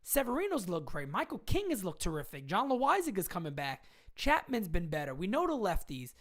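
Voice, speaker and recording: A woman's voice: fairly low pitch, huge pitch swings, brisk. A woman hosting a casual live stream chat, talking in slangy, emphatic bursts, repeating her points and answering viewer questions. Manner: slangy fan talk, occasional swearing.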